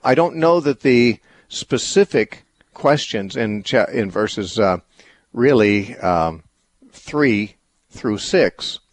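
A man hosting a radio call-in show, explaining a Bible passage in a thoughtful, halting way full of fillers and restarts. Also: medium pitch, dry recording.

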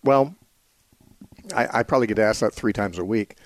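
A man hosting a call-in radio show, answering questions about the Bible in a measured, explanatory way, thinking aloud with small restarts. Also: lowish voice, no room sound. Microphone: studio mic.

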